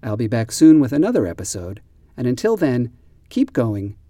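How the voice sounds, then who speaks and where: Man hosting an English lesson podcast: spells words out, stresses them deliberately, warm tone, dry close sound. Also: medium pitch, sing-song, no room sound. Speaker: podcast host and English teacher. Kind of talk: slow, careful teaching explanation.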